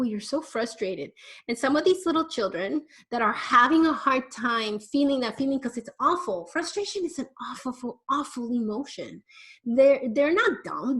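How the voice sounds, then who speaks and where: A woman's voice: on the high side, fairly bright tone. A woman who works as a parenting educator, answering viewers' questions in a conversational way and sometimes acting out the voices of parents and children. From Miami. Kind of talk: live Q&A advice talk.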